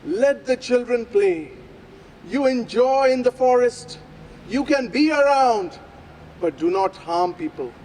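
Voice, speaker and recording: A man doing a calm old holy man. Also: extremely high pitch, takes it slowly, pitched above the performer's own voice, full character voice, poor audio. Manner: calm, gentle, instructive.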